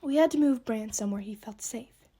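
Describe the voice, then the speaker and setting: A woman doing a quiet, grieving elf mother. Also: on the high side, fairly quick, slightly rough.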